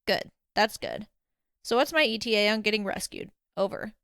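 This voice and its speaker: A woman voicing an anxious but sharp young woman, talking quickly and earnestly. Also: medium pitch, expressive, creaky, no echo, studio quality.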